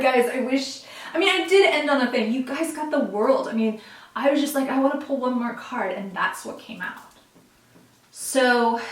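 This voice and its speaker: A woman's voice: fairly high pitch, recorded from a distance. Echoey, chatty woman tarot reader. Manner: chatty, blunt tough-love encouragement. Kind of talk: casual tarot reading to viewers. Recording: echoey room, voice a bit off-mic.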